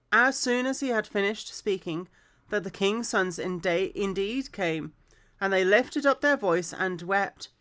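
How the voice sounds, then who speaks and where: A woman from Birmingham reading the Bible aloud unhurriedly and musing with quiet hums and asides. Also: medium pitch. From Birmingham, England. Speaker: scripture reader.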